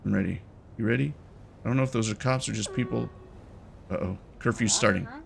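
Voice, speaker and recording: A man's voice: medium pitch, fast talker, vocal fry, background noise. A young man giving casual, jokey and nervous commentary while playing a game, talking to its characters. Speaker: gaming YouTuber.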